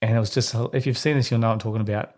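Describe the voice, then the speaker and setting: A man's voice: fairly even intonation, rapid-fire, a little mellow. A man hosting a solo parenting podcast, talking to listeners in a reflective, conversational way. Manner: acts out quoted voices in a higher pitch. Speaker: podcast host.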